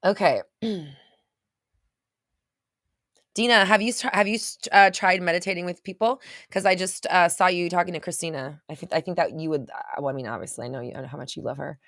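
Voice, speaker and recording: A woman's voice: lowish voice, vocal fry, a bit bright, no echo, studio quality. A woman host talking casually to a live chat, rambling with many restarts and at times getting choked up. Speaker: podcast host.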